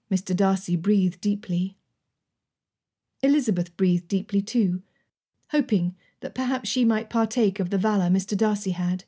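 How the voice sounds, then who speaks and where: Mellow, breathy woman narrating a romance. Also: medium pitch, normal speed. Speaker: audiobook narrator. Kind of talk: scripted narration.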